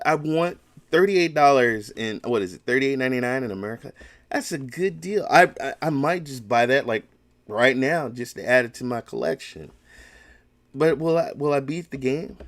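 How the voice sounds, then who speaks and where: A man talks through his gaming podcast alone, rambling and emphatic, restarting his sentences often. His voice sits at an ordinary middle pitch. The sound is dry and close to the mic. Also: expressive, moderate pace, no echo. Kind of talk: casual solo podcast talk.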